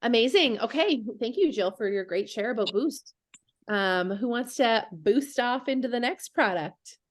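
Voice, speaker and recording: A woman's voice: on the high side, lively intonation, unhurried. A woman hosting a casual group call, chatty and loose, laughing and trailing off as she talks. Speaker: host of a product call.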